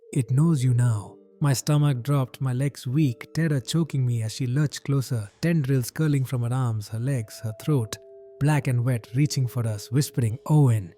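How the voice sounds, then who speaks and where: A man's voice: mid-range voice, dark tone. A man narrating a first-person horror story in tense, clipped phrases.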